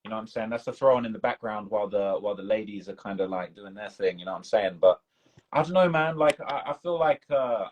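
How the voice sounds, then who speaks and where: A British man from the United Kingdom, a documentary creator hosting a live stream, rambles in casual chat over a video call, his loose speech full of "bro" and "man." His voice is on the low side and fast, and the audio is poor.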